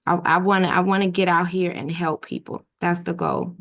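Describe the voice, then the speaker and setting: Earnest woman with halting speech. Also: lowish voice, lively intonation. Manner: earnest, a little halting, many ums. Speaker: new sales agent. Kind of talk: sharing on a team call.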